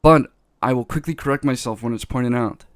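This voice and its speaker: A man's voice: mid-range voice, a little fast, no echo, clean studio sound, lightly acted. A man playing a blunt, defensive male boss who swears freely, does not speak English natively, and keeps restarting his words. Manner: profane, blunt, self-justifying, restarts words. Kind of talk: in-character role-play talk.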